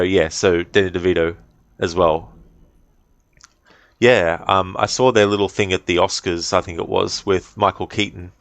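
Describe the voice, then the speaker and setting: A deep-voiced Australian man chatting with his stream viewers, friendly and rambling. The sound is close and dry. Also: smooth, no room sound. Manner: rambling, friendly chat with fillers. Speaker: game streamer. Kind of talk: casual live-stream chat.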